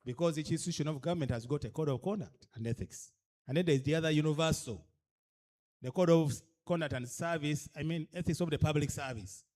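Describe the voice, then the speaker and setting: A fairly quick, slightly high and mellow male voice belongs to a guest speaker at a leadership orientation. He has a Ugandan accent, and as he addresses cultural leaders he is emphatic, keeps asking the room rhetorical questions, and shifts between English and a local language.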